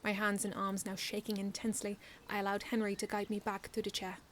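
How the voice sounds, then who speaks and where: With a medium-pitched voice and a brisk pace, a woman reads aloud her own first-person fan fiction, earnest and expressive, frequently restarting lines. There's a little hiss or hum on the recording.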